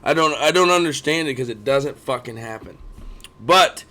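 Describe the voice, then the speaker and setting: Man, 30s, casual sports chat co-host, profane, animated, mid-pitched voice. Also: normal speed. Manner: profane, animated, keeps complaining he yawns. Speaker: podcast co-host.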